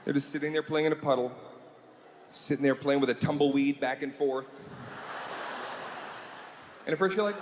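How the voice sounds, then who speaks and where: A man doing a stand-up comedy routine in a live venue, telling stories animatedly with profanity and quick switches between voices. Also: fairly high pitch, fairly even intonation. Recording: roomy live room with crowd noise.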